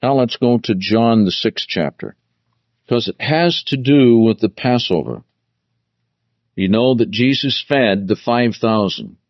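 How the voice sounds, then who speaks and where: A man teaching through the Bible verse by verse, deliberate, stressing key words as he explains them. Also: mid-range voice, dry recording, highs cut off.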